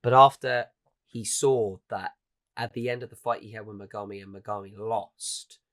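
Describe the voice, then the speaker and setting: A man's voice: on the low side, fairly even intonation, moderate pace, a bit bright. A man co-hosting a casual anime podcast, retelling scenes animatedly, acting out the characters' lines and swearing casually. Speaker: podcast co-host. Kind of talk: casual chat about anime.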